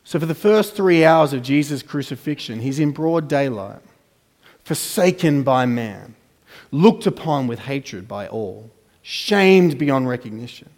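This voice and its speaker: A man's voice: expressive, measured pace. Preaching man in an echoing hall. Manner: dramatic swings between soft, low asides and raised emphatic lines. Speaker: pastor. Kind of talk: sermon. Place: church hall. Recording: church hall with long reverb.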